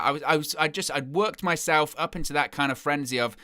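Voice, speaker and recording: A man's voice: on the high side, fairly quick, bright, forceful tone, dry recording, clean studio sound. A young man hosting a football fan live stream, chatting casually in a rambling, self-deprecating way and often repeating himself.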